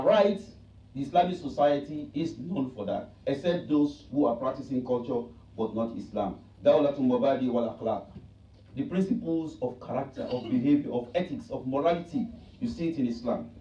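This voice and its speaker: In a mosque prayer hall, a man with a warm, medium-pitched voice gives a Friday sermon, preaching emphatically with repeated rhetorical lines. The recording is echoey, distant, and dull, typical of a hall.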